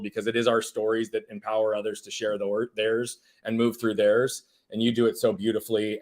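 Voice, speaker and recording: A man hosting a live-streamed coaching interview, effusive and affirming, warmly praising his guest. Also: fairly low pitch. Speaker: host.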